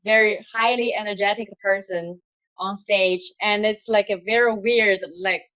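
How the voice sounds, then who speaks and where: A woman's voice: mid-range voice, fairly even intonation, moderate pace, fairly bright tone, no echo. A woman hosting a casual video call interview, laughing often and speaking with hesitant phrasing and many fillers. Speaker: host.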